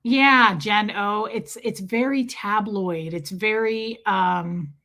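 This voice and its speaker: A woman's voice: mid-range voice, slow, pushed and bright. A woman hosting a casual livestream, candidly chatting and reading viewer comments aloud. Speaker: livestream host reading chat.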